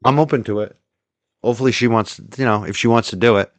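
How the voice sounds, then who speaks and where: Thanking his viewers one super chat at a time, a livestream host keeps a casual, chatty tone, laughing easily and trailing off quietly. He's a fast talker with a medium-pitched voice, and the recording is dry.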